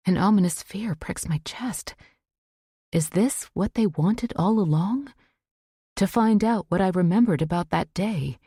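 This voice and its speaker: Audiobook narrator: woman, first-person suspense, dark gravelly tone, unhurried delivery. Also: medium pitch, dry recording, studio quality.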